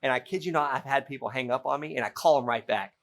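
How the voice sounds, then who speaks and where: A middle-aged man teaching real estate by acting out a phone negotiation as a lively story. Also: mid-range voice, fast talker. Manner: animated storytelling, playful role-play. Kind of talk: teaching through an acted-out example.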